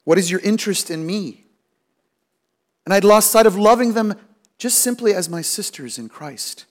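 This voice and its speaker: Middle-aged male pastor, high-pitched, storytelling sermon delivery. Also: lively intonation, moderate pace. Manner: storytelling, acts out quoted voices with rising pitch.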